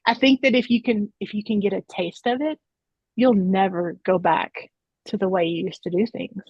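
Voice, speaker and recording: Earnest woman chatting on a panel, kinda husky, dull lo-fi sound. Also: medium pitch, a little mellow, no echo. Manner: earnest, storytelling, frequent restarts and "right?". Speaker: round table panelist. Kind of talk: casual discussion.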